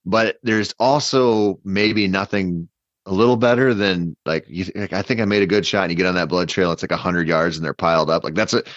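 A man with a fairly low voice tells a long story in a loose, rambling podcast chat. He is animated and talks with many fillers and restarts. His voice comes through a dull, dry mic with little room sound. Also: brisk, no room sound. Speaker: podcast guest hunter.

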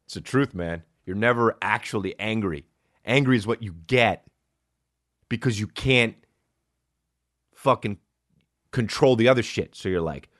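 A man hosting a podcast, rambling in a profane casual monologue and jumping into loud, high-pitched outbursts. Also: animated, unhurried, long pauses, dry recording, clean studio sound. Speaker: podcast host.

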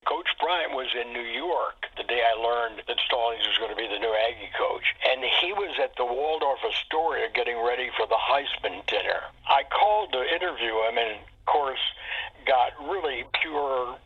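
A man's voice: medium pitch, lively intonation, moderate pace, husky. A man who is a sportswriter tells an anecdote in an interview, acting out the dialogue as he goes. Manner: storyteller who acts out dialogue. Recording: dull lo-fi interview audio.

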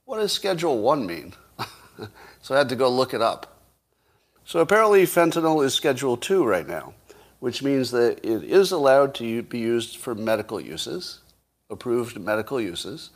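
A man hosts a casual solo commentary, thinking out loud at an easy pace. He tosses rhetorical questions to his listeners and breaks into wry chuckles along the way. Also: medium pitch.

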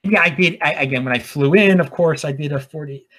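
A man's voice: fairly high pitch, brisk, fairly bright tone. A man from Baltimore hosting a podcast in a casual solo monologue, rambling, often restarting his words and chuckling as he goes. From Baltimore, USA. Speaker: podcast host.

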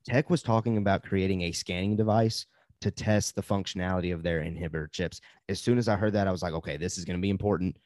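A man's voice: low voice, fairly even intonation, darkish tone, no echo. A man co-hosting a podcast in easygoing, casual fan discussion, leading segments and asking his partner for takes. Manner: easygoing, leads the segments, quick agreeing interjections. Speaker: podcast co-host.

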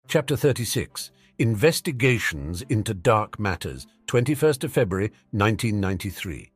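A man narrating a chapter of an audiobook in a steady, even reading voice. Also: lowish voice, moderate pace, few pauses, husky, soft background music.

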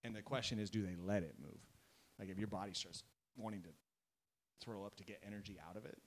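Here the voice is lowish and quick-paced, captured in a rough recording. An athletes' mental coach, he speaks as a guest in a podcast conversation, explaining earnestly and repeatedly checking in with "right?" and "you know?".

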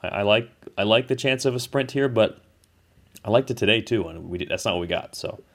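A man's voice: lowish voice, brisk, gravelly, a bit bright. A man hosting a podcast over a call, giving casual race analysis in a thoughtful, hedging way with frequent restarts. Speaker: podcast host. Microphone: remote call.

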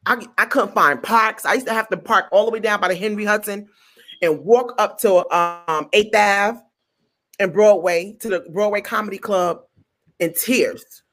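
A woman comedian telling a story in an interview, animated, acting out quotes and stumbling over repeated words. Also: medium pitch, normal speed. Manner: animated, acts out quotes in other voices.

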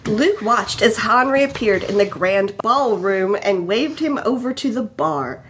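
A woman's voice: fairly high pitch, measured pace, fairly bright tone, a little hiss or hum. A woman co-hosting a podcast, reading fan fiction aloud with wry asides and laughter. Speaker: podcast host.

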